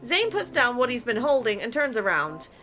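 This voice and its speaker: A woman's voice: on the high side, very animated, moderate pace, sharp tone. A woman gaming creator reading a romance game aloud in a playful, chatty way. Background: game music.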